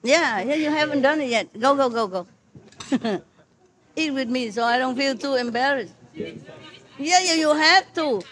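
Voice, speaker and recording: A woman's voice: high-pitched, expressive, a little slow, pauses often, fairly bright tone. An older woman telling a personal story to disciples in casual chat over a meal, laughing often and speaking with many fillers. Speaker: spiritual teacher. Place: meal gathering with listeners.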